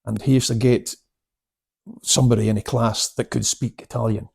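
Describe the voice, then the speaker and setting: An older man in his seventies who chats and laughs his way through stories. His voice is gravelly and husky, with many restarts and fillers. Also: mid-range voice, level tone, moderate pace, a little mellow. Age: 70s. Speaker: guest, karate instructor. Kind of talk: casual storytelling interview.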